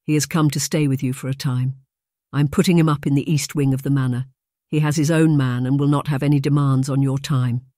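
A man voicing a ceremonious butler in an audiobook, with a deep, formal delivery. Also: steady tone, a little fast, mellow, dry recording, studio quality, lightly acted.

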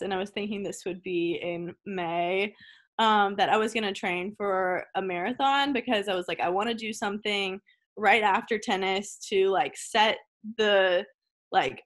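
Her medium-pitched voice is a bit bright as she chats casually from home over a video call. A young adult college tennis player and interview guest, she laughs easily and fills her sentences with "like."

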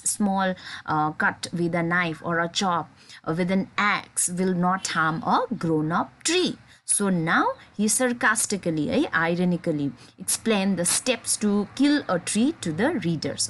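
A woman's voice: medium pitch, a little hiss or hum. Nepali-accented woman teaching a poem. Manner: mixes Nepali and English, checks in with "है?" often; halting, many fillers and restarts. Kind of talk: classroom poem explanation.

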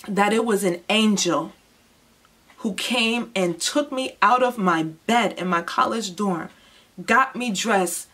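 A young woman giving an emotional personal testimony, moving between hushed, heavy moments and impassioned outbursts. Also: medium pitch. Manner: intense, swings from hushed to impassioned. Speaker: testimony speaker.

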